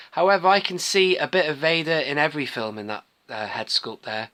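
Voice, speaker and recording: Male collector vlogger, casual show-and-tell, crisp bright tone, enthusiastic and digressive. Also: mid-range voice. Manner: rambling, enthusiastic, restarts often.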